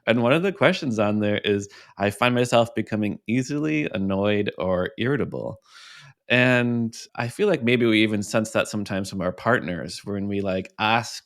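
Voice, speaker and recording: A man hosting a podcast interview, asking relaxed, curious questions and murmuring agreement. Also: on the low side, normal speed. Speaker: podcast host.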